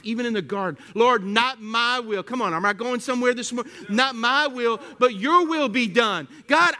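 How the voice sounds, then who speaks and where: A male pastor with a Southern US accent preaching a sermon, swinging from loud, animated preaching to hushed prayer. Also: high-pitched.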